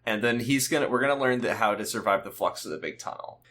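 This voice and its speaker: A man's voice: medium pitch, pushed and bright. A man co-hosting a podcast, chatting casually about a TV episode with rambling, self-mocking jokes. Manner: jokey, rambling, quick self-mocking asides. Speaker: podcast co-host. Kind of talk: casual chat recapping a TV episode.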